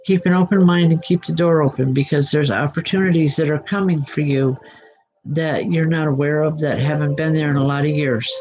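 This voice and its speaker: A woman working as a psychic medium, giving live spirit readings in a reassuring way, often breaking into soft laughter. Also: sits low, low-quality recording.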